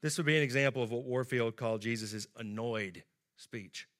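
A man's voice: mid-range voice, moderate pace, fairly bright tone. A man preaching a sermon in a conversational way, acting out the quoted lines with rising emphasis.

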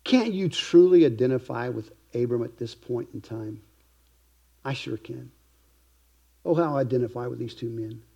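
A man preaching a sermon as pastor, earnest, slowing down to stress key phrases and sometimes dropping to a hush. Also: medium pitch, vocal fry, slightly rough, highs cut off. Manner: earnest preaching, slow emphatic stresses, softening to a hush at times.

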